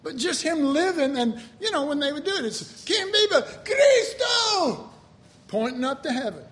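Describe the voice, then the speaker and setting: A man preaching a sermon in an animated way, laughing often and bursting into loud shouts. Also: very high-pitched, fairly quick.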